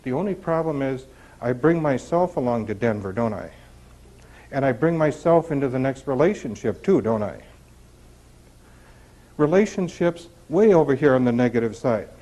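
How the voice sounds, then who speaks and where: A man's voice: mid-range voice, animated, moderate pace, dark tone, poor audio. A middle-aged man speaking to a group about recovery, talking conversationally and asking rhetorical questions. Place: retreat center meeting room.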